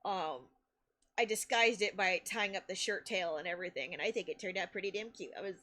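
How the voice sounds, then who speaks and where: Bright-voiced chatty woman streamer. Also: medium pitch, brisk. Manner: animated, laughs often between phrases; chatty, with many restarts and fillers. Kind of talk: casual live-stream storytelling.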